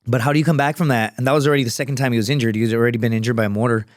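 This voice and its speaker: Man, podcast guest, casual storytelling, swears a lot, acts out voices, mid-pitched, dry close studio mic. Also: very fast, no room sound. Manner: profane, animated, acts out quoted voices.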